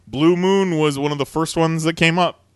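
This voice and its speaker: A man's voice: on the high side, steady tone, moderate pace, smooth, no room sound. A man hosting a podcast in casual chat, chatty with many fillers and frequent laughter. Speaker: podcast host.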